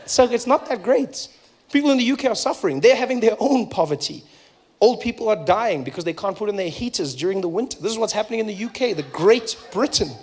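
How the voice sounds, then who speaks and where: A man's voice: sits high, expressive, fast talker, slightly rough. A man with a South African accent doing a conversational, playful stand-up routine and acting out voices. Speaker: stand-up comedian.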